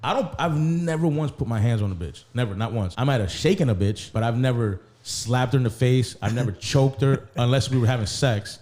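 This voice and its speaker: Profane storytelling man, mellow voice. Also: mid-range voice, a little fast, few pauses. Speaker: podcast host. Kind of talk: casual chat, storytelling.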